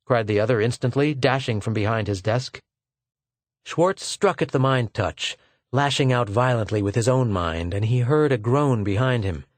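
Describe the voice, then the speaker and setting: A man narrating a science fiction audiobook in a measured, scripted style that slows at tense moments. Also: mid-range voice, no room sound.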